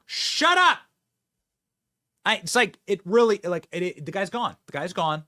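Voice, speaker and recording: A man hosting political commentary, who talks in an energetic, emphatic, projecting way. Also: high voice, fairly quick, a little hiss or hum. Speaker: host.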